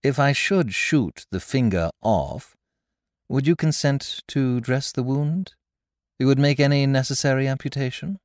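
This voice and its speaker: A man voicing a calm, secretive young woman. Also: medium pitch, no echo, clean studio sound, voice pushed up, natural voice. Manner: calm, measured and composed.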